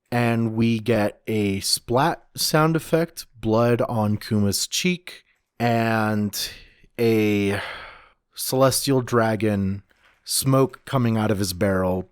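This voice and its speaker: A man co-hosting a podcast, chatting casually and thoughtfully, with halting restarts. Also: fairly low pitch, dry recording, clean studio sound. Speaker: podcast co-host. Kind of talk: casual chat.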